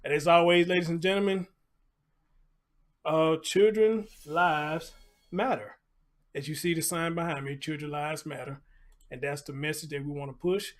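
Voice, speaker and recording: A man, hosting a casual live show and chatting loosely, talking playfully to his puppy between remarks. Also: a little high. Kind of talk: casual live-stream chat.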